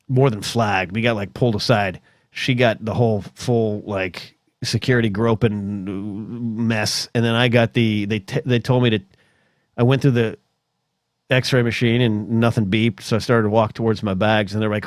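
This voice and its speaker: A man's voice: lowish voice, no room sound, clean studio sound. A middle-aged man hosting a solo podcast, telling stories in a rambling, chatty way full of asides. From United States. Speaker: podcast host.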